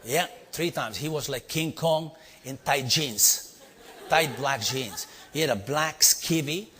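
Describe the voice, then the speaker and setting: A man from India with an Indian accent, telling a story to a live audience and quizzing them with quick asides. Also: mid-range voice, a little hiss or hum. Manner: animated, quizzing the audience with "yeah?" and "right?". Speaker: leadership speaker. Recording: long hall reverb.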